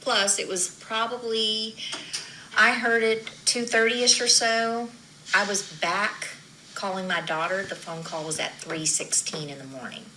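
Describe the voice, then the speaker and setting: A woman's voice: mid-range voice, steady tone, measured pace, bright, forceful tone, a little hiss or hum, rough recording. A woman, a nurse, being interviewed for TV news, telling an emotional story, acting out what people said and dropping to whispers at times.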